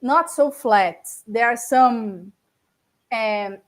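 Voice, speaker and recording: A Brazilian woman in her forties with a Brazilian Portuguese accent, a native Portuguese speaker giving an interview in English and often pausing to search for words. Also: a little high. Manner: hesitant, searching for words, with fillers and self-corrections. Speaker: interview guest, former tennis player and broadcaster. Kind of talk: casual interview chat.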